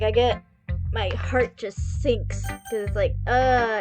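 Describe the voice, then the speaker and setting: A woman's voice: a little high, steady tone, measured pace. A woman streamer commentating a game, jumpy and nervous, reacting with giggles and worry. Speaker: gaming streamer. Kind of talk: let's-play commentary. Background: game music.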